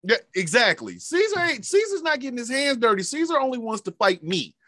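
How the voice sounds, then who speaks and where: Animated, profane male podcast host. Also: extremely high pitch, fairly quick, no room sound, studio quality. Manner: profane, emphatic, animated storytelling. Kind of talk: casual podcast chat.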